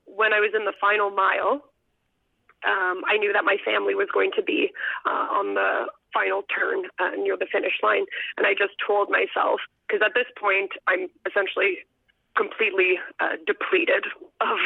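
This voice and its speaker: Guest: woman with vocal fry, hesitant and chatty, heard over a tinny phone line. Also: mid-range voice, no echo. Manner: hesitant, many ums, laughs softly. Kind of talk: phone interview storytelling.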